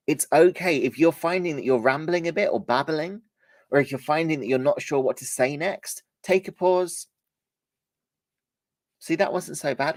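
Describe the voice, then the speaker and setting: A man's voice: medium pitch, no room sound. Man teaching with a fading, cold-worn voice. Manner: lively, varies volume and pace to demonstrate. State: slightly hoarse from a cold. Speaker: presentation skills trainer. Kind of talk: live workshop lesson.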